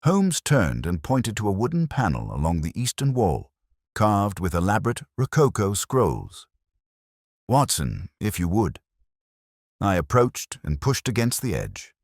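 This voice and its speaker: A man reading a detective story aloud in measured scripted narration. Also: lowish voice, huge pitch swings, dry recording, clean studio sound.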